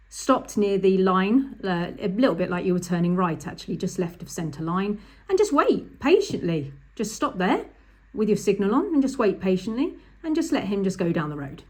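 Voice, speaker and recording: Woman driving instructor, mid-pitched, chatty and emphatic; repeats the key points to make them stick. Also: expressive, normal speed, darkish tone. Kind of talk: instructional talk over drawings.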